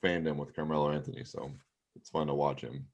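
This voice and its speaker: Low-voiced male co-host, loose rambling sports chatter. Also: little pitch movement, a little fast. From Pacific Northwest of the US. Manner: rambling, loose storytelling with many fillers. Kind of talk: casual sports chat.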